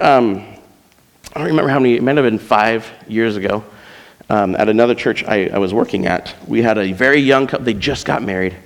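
A man's voice: mid-range voice, in a large hall. A man preaching a sermon as pastor, conversational and often building to emphatic, pleading passages, in a church auditorium.

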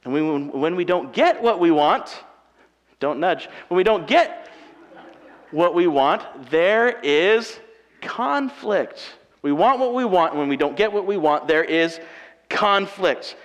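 A married man preaching a sermon with animated, self-mocking humor, acting out everyday quarrels. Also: high voice, takes it slowly. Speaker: pastor. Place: church auditorium. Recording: long reverb of a large hall.

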